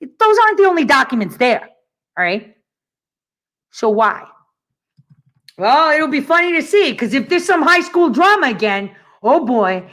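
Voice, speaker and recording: A woman hosting a casual commentary show, talking in a profane, sarcastic, animated rant. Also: sits high, unhurried. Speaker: show host.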